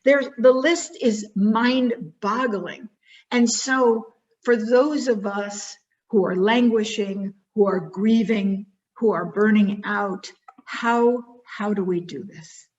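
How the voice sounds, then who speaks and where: A woman giving a motivational talk, telling a personal story expressively and then guiding listeners through a slow reflection. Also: medium pitch, a little mellow, dull audio. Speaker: keynote speaker.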